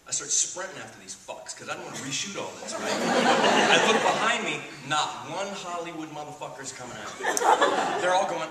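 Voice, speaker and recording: Man from Texas, animated profane raconteur; slightly high voice, distant noisy recording. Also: brisk, over a noisy crowd. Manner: animated, profane, laughing storyteller. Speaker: panel guest actor. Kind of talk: convention Q&A storytelling. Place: convention panel room. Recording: echoey hall, distant mic, noisy.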